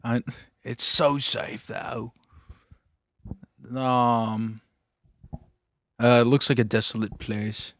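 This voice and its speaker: Slow-talking giggly man, dry close mic. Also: medium pitch, steady tone, fairly bright tone, dry recording. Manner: joking, giggly, slow drawl. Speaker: podcast co-host. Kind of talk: casual comedic chat.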